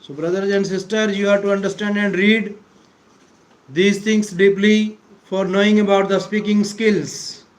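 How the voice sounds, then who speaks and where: A man giving a deliberate English pronunciation lesson, repeating key words for emphasis and clearing his throat often. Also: high-pitched, little pitch movement, rough recording. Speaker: English teacher. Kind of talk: slow explanatory lecture.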